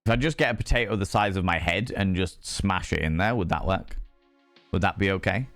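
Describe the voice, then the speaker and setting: A young British man streaming, chatting casually with his audience in a rambling, animated way and reading out chat messages. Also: deep voice, brisk, no room sound, faint music behind. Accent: British English. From United Kingdom. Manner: rambling, animated, swears freely, reads chat aloud. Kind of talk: casual chat with chat while gaming.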